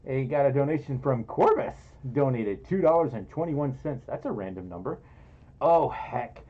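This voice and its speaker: Indoors and in a fursuit, a man hosts a casual livestream, playfully reading donations aloud and laughing at himself with a giggly manner. He speaks at a normal speed in an expressive mid-range voice, captured with muffled audio.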